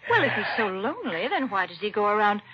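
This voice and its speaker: A woman's voice: mid-range voice, big pitch swings, quick pace, a little hiss or hum. A woman co-hosting a 1940s radio show and reading the sponsor's message in a sweet, practical way. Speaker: co-host and ad reader. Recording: dull lo-fi 1940s radio recording.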